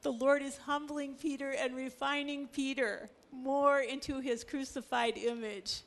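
A woman teaching a Bible study in a lively way, acting out the stories she tells. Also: sits high, unhurried. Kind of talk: animated scripture teaching.

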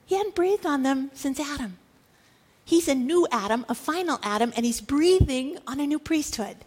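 A woman in her fifties delivers a sermon in a notably high voice. She preaches with animation, rising to loud exhortations and dropping to low, hushed asides. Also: animated, moderate pace. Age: 50s.

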